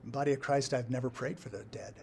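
A man preaching a sermon as a pastor, emphatic and repetitive, with his loudness rising and falling to stress his points. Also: medium pitch, fast talker, gravelly, a little hiss or hum. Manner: emphatic, rises and drops in volume for stress, repeats phrases.

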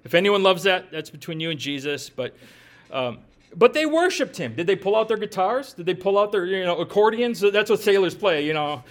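A man's voice: sits high, lively intonation, fairly quick. A middle-aged man, giving a folksy, conversational sermon that asks the listeners questions and makes joking asides. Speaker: pastor.

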